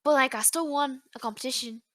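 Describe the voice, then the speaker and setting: Bright-voiced young woman, bubbly and teasing. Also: sits high, steady tone. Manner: bubbly, teasing, quick to exclaim. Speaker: podcast co-host. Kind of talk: casual chat.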